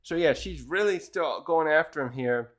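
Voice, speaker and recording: A man's voice: a little high, normal speed, a bit bright. A man casually reviewing a manga chapter, retelling it in a rambling way with many restarts.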